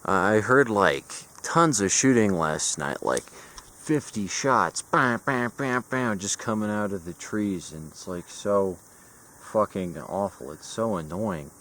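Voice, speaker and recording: A man's voice: low voice, expressive, slow pace, a bit bright, a little hiss or hum. A young man vlogging outdoors in a forest, talking into a camera in a rambling, sarcastic way and swearing freely. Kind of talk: casual vlog monologue. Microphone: camera mic.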